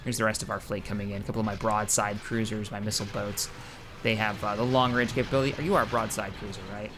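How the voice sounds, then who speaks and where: A man hosting casual gameplay commentary, excitable and rambling, often correcting himself mid-sentence. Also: on the low side, quick pace, music in the background. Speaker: gaming channel host.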